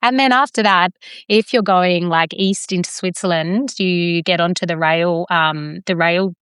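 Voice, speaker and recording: A woman's voice: on the low side, a little slow, a bit bright, smooth, no room sound, clean studio sound. A woman from Australia, a podcast guest chatting enthusiastically, with frequent ums and restarts. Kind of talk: casual chat.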